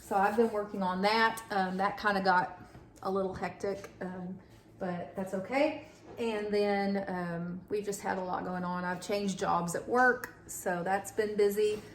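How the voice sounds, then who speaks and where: Mom vlogger, thirties, rambling baking chat, echoey kitchen with audible clatter. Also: female voice, medium pitch, fairly even intonation, unhurried, a little hiss or hum. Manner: chatty, many fillers, talks to her son. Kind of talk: casual chat while baking. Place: home kitchen.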